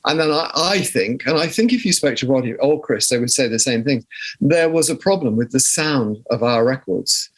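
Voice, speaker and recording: A man's voice: mid-range voice, lively intonation, moderate pace, slightly rough. An older man from southern England with a southern English accent, a guest musician telling stories in an interview in a reflective way, often restarting his sentences. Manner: reflective, storytelling with frequent restarts. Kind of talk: conversational interview.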